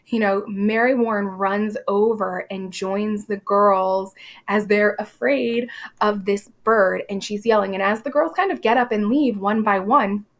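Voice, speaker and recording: Role: teacher. Style: online literature lesson. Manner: casual, chatty, quick asides. Pitch: mid. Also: female voice, fairly bright tone. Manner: casual, chatty explaining with fillers. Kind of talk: literature lesson over a video call.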